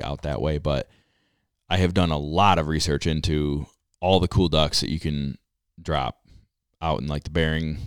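A man's voice: extremely low pitch, clear, resonant tone, dry recording, studio quality. A man co-hosting a podcast in easygoing casual chat, laughing as he talks. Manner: easygoing, laughs while talking. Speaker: podcast co-host.

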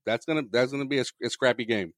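A man talking quickly in loose sports banter, often laughing and letting his voice drop low as a point winds down. The sound is close and dry, with no room around it. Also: dry recording. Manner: laughs often, trails off quietly, does playful impressions. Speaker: podcast co-host. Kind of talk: casual sports chat.

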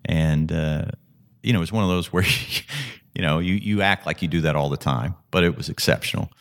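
A man's voice: low-pitched, fairly quick. A middle-aged man, a golf analyst and podcast guest, telling stories vividly with frequent restarts. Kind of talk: conversational storytelling.

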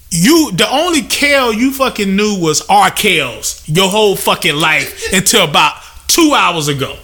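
A man's voice: sits high, lively intonation, normal speed, few pauses, sharp tone. A young man hosting a podcast, venting in a profane, emphatic comedic rant and mimicking customers. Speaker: podcast host.

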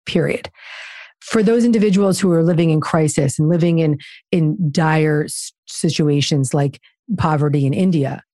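A woman's voice: low-pitched, normal speed, dark tone, no echo, studio quality. A woman guest author talking in an interview, emphatic and preachy in her delivery. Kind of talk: conversational interview.

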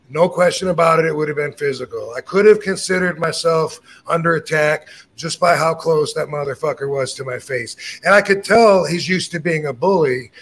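Gravelly middle-aged man, blunt storyteller. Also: a little high, fairly bright tone. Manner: blunt, profane, acts out quoted lines. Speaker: podcast host telling a story. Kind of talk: casual storytelling.

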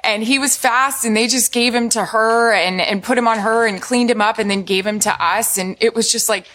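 A woman's voice: fairly high pitch, normal speed. A woman guest on a TV morning show, chatting casually and animatedly, often laughing and acting out what people said. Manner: animated storyteller, laughs often, acts out quotes. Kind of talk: casual chat about new motherhood. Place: TV studio.

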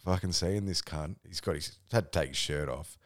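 A young Australian man, a podcast co-host, tells a rambling, sweary story on a casual podcast, laughing as he goes. His voice sits low, and he speaks at normal speed.

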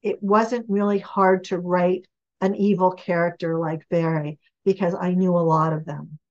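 A woman author and relationship expert, giving a guest interview on a podcast in an emphatic, animated storytelling manner. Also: fairly low pitch, a little slow, highs cut off.

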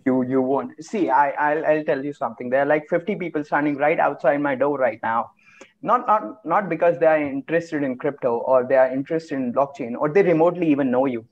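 This slightly high male voice, recorded with a muffled sound, belongs to a man from India appearing as a podcast guest over a video call. He's casual and jokey, laughing often and speaking in quick, excitable bursts.

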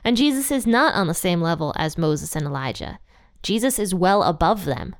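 A woman's voice: fairly low pitch, expressive, normal speed, dry recording, studio quality. A young adult woman hosting a casual Bible teaching podcast, chatty and thinking aloud with fillers and guesses.

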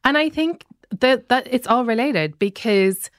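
Smooth-voiced woman guest, thoughtful. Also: a little high, lively intonation, measured pace, no room sound, studio quality. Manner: thoughtful, agreeing with many yeahs. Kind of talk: casual discussion.

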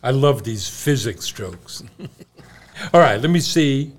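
A man's voice: medium pitch, expressive, takes it slowly. A middle-aged man co-hosting a casual chat with his son, telling jokes and sharing good news in a playful, chuckling way. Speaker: co-host, father.

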